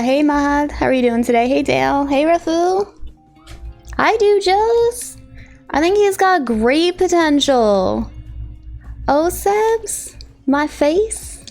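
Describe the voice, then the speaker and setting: A woman streamer with a high voice chats casually with her live audience, greeting viewers one by one. Her delivery is very lively and swings widely in pitch, with bursts of excitement. Faint music plays behind her.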